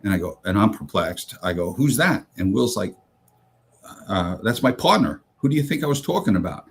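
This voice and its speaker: Man, low voice, husky, halting first-hand account, many fillers. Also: big pitch swings. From United States. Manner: halting, many fillers and restarts, quotes others in dialogue. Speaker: retired police rescue officer, guest. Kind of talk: telling a first-hand story.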